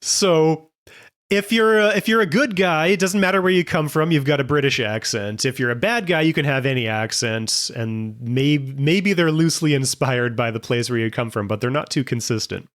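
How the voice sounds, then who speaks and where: A man's voice: medium pitch, expressive, moderate pace, few pauses, a bit bright. Guy hosting a podcast, mid voice, walks through points one by one. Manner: analytical, lays out points step by step. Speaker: podcast host. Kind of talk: casual podcast discussion.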